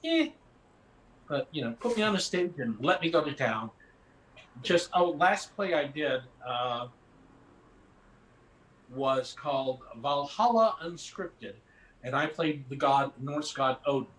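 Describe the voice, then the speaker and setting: An older actor chatting in a rambling, anecdotal way, chuckling between stories. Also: male voice, fairly high pitch, expressive, takes it slowly, long pauses, a bit bright, slight background noise. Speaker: actor guest. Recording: roomy echoey sound.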